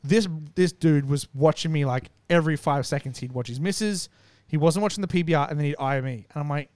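A man's voice: a little high, brisk, no echo. A man casually telling a long, profane story and acting out what people said. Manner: animated, profane, acts out quotes.

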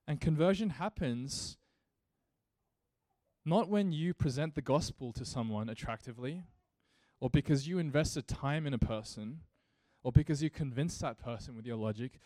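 Preaching at a normal speed, this man has a mellow, warm, medium-pitched tone, captured close and dry without echo. Like a pastor in the pulpit, he earnestly builds his sermon toward emphatic rhetorical questions.

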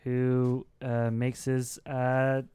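A man's voice: mid-range voice, clean tone, dry recording, clean studio sound. Laid-back man running a tabletop game. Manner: laughing often, relaxed, halting with fillers. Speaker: game master.

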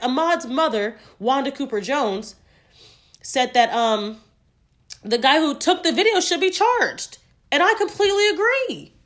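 A woman's voice: mid-range voice, a bit bright. A woman hosting a solo podcast, speaking emphatically and outspokenly and swearing freely. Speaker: podcast host.

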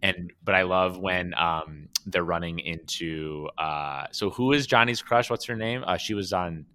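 Deep bright-voiced man, casual podcast. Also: unhurried, clean tone. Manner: enthusiastic, acts out quoted lines. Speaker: podcast co-host. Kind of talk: casual chat.

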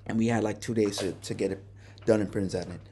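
A man's voice: fairly low pitch, fairly even intonation, quick pace, dark tone, slight background noise. Profane, candid man telling a story. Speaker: podcast host. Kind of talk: casual personal storytelling.

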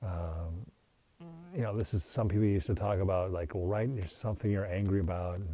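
A man's voice: deep voice, fairly even intonation, brisk, warm tone. A man hosting his own podcast, talking in a rambling, reflective, self-deprecating monologue. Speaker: podcast host.

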